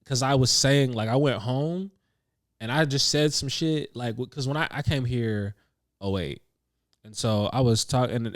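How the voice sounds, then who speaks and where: A laid-back man co-hosting a casual chat, American with a faint British touch. He rambles in easy slang, at a middle pitch. The sound is close and dry. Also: normal speed, no room sound. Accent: American with a slight British touch. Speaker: podcast co-host. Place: living room couch.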